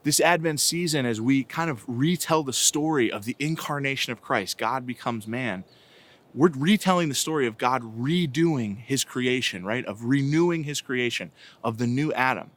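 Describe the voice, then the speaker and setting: A man's voice: medium pitch, normal speed, a bit bright. Man giving a chatty faith reflection. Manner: conversational, anecdotal, frequent "right?" and "like". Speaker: diocesan director of evangelization. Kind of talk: informal catechetical reflection.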